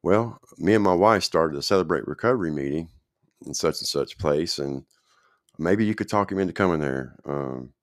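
A man's voice: deep voice, lively intonation, normal speed, dry recording, studio quality. A man telling his own recovery story in a casual, rambling way, often checking in with the listener.

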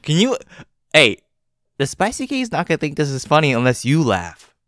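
A young man from the United States hosts a casual podcast, trading jokes with his co-hosts and laughing easily. His pitch swings widely as he talks, and his voice comes across smooth and resonant in a dry, close setting. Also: fairly quick, no echo. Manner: playful, laughs often, animated delivery. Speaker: podcast host.

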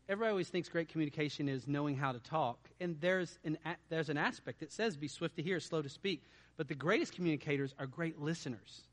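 A male pastor preaching a sermon, asking his congregation lively rhetorical questions. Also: fairly high pitch.

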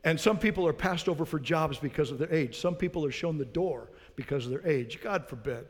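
A man's voice: fairly high pitch, fairly quick, long reverb tail. A man preaching a sermon as pastor, earnest, putting rhetorical questions to his congregation.

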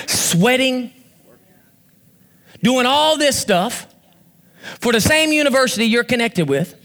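A man with a very high voice preaching a fiery sermon. His tone is bright and forceful, and he often breaks into shouts and quick bursts of speech. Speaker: pastor and youth football coach.

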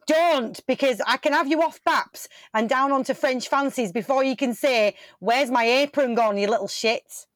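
A woman's voice: high-pitched, normal speed, hardly any pauses, no room sound, clean studio sound, pitched above the performer's own voice, natural voice. A woman improvising a bossy veteran baker who confidently makes up facts and swears. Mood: cocky. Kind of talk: improv comedy scene.

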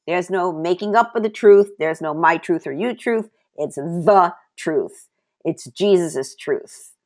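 A woman giving a sermon, reading scripture aloud and sharing her own testimony, slowing down to stress key words. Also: on the low side, a little mellow. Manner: personal testimony mixed with Bible reading. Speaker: preacher.

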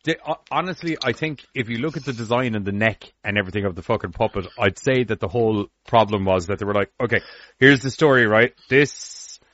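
A man's voice: on the low side, fast, few pauses, no echo. A man co-hosting a podcast in casual chat, swearing and riffing animatedly. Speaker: podcast co-host. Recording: lo-fi dry recording.

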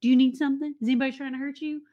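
A woman's voice: high voice, fairly even intonation, very fast, dark tone, lo-fi sound, pitched above the performer's own voice, lightly acted. A woman voicing a worried, protective male family dog who fires off anxious questions.

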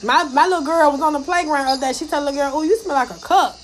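Talking fast in a high voice over a very noisy recording, this woman is on her phone in a live audio chat room. Her storytelling and ranting are blunt and heated, animated, full of swearing, with quotes performed out loud.

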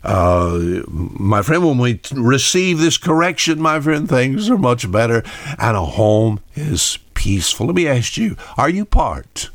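A man's voice: mid-range voice, sing-song, measured pace, dry recording. Older man, homespun radio preacher, dry close studio sound, talks straight to listeners. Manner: folksy, asks listeners directly. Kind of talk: radio Bible sermon.

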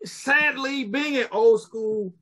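Middle-aged male host, high bright voice, animated casual storyteller. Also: takes it slowly. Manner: animated storyteller, acts out quotes, swears. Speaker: podcast host. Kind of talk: casual chat.

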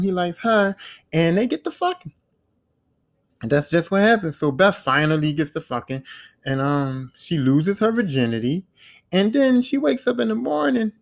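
A man casually recapping a TV series on his podcast, swearing freely and acting out the characters' lines in slangy talk. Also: fairly high pitch. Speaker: podcast host.

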